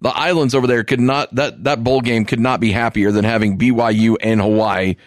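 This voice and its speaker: A man's voice: medium pitch, steady tone, brisk, dry recording. Man, sports podcast co-host, conversational, amused, dry close sound.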